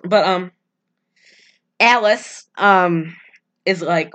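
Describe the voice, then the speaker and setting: A woman's voice: fairly low pitch, lively intonation, sharp tone. A young woman co-hosting a podcast, chatting casually, giggling, swearing and acting out lines. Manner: giggly, swears, acts out lines in quick impressions. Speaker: podcast co-host. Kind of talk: casual chat recapping a story.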